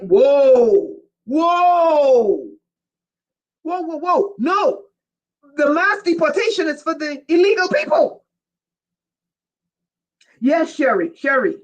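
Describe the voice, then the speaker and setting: Livestream host, drawn-out delivery, excitable, voice rises often, keeps checking listeners follow. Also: sits high. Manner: excitable, often raises their voice; keeps asking listeners whether they follow. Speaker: livestream host reading viewer chat. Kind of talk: casual livestream talk to viewers.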